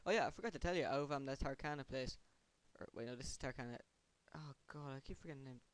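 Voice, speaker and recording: A man's voice: medium pitch, fast, clean tone, no echo. A man giving casual, rambling gameplay commentary, sarcastic and chanting words under his breath. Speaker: gamer.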